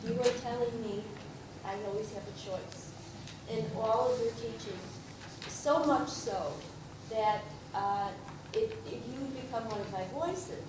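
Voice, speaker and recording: A woman congregant earnestly sharing a personal reflection, with some halting restarts. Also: a little high, noisy background. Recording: echoey room picked up from far off.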